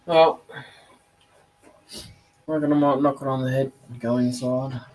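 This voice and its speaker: A man's voice: mid-range voice, steady tone, a little slow, a little mellow, low-quality recording. A man chatting casually and chuckling as a woodworking vlogger outdoors. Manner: laid-back, chuckling, blokey. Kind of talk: casual chat.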